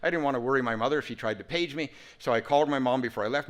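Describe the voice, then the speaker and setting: A man in his fifties giving a humorous, animated personal speech at a recovery reunion. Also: mid-range voice, very fast. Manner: animated, humorous, full of sound effects. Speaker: recovery talk speaker.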